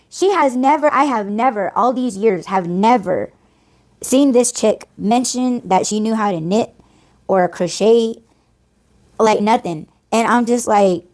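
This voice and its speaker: A woman's voice: mid-range voice, a little mellow. A woman hosting a podcast, venting in a blunt, profane, casual ranting monologue. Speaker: podcast host.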